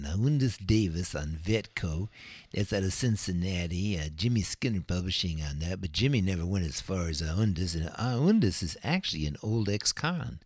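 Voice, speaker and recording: An older man spins records and talks between them in a low, husky voice. His chat is laid-back and rambling, full of fillers. The sound is close and dry, right on the studio mic. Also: darkish tone, no echo. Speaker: radio DJ. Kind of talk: casual radio chat.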